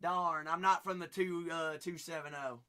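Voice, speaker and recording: A man's voice: fairly high pitch, steady tone, moderate pace, noisy background. A young man with a Southern Kentucky twang, hosting a live card-break stream with folksy, hyped sales banter.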